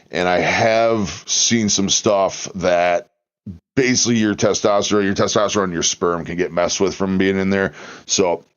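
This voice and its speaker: Low-ish voiced guy chatting on a livestream, dull lo-fi audio, answering chat as he goes. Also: clean tone. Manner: chatty, reacting to viewers and the narration. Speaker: livestream host. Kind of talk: casual chat. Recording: lo-fi stream audio.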